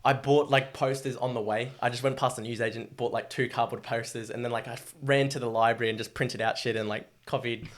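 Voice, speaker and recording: A man's voice: mid-range voice, fairly even intonation, fairly quick, hardly any pauses. A young Australian man in his twenties, a guest telling his story in a rambling, casual way full of fillers and swearing.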